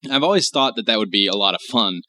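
A man's voice: on the low side, animated, fast talker, sharp tone. An American man rambling in casual chat, curious and full of fillers. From United States.

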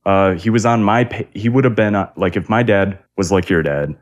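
Podcast co-host, really deep voice, laid back and sympathetic, casual chat. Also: male voice, brisk.

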